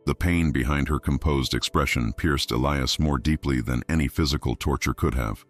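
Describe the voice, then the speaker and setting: A man reading a scripted story as narrator in a measured, even way, over faint music. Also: a bass voice, breathy edge.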